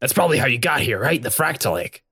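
Male player, gravelly and husky, offhand delivery, dry sound. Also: medium pitch, sing-song, fast talker, bright, forceful tone, no echo. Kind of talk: casual tabletop role-play.

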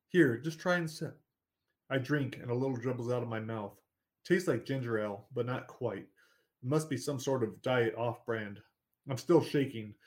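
A man narrating a first-person story in a measured, steady reading voice. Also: medium pitch. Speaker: audiobook narrator.

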